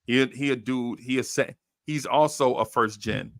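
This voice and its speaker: A man on a podcast, casually telling a story in animated, slangy talk and acting out what others said. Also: medium pitch, moderate pace, no echo, clean studio sound. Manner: animated, slangy storyteller who acts out quoted voices. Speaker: podcast host.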